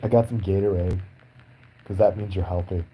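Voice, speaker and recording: A man's voice: low-pitched, steady tone, normal speed, warm tone, slight background noise, rough recording. A young man ranting in a crude, sarcastic, profane way as a podcast host. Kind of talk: crude comedic rant.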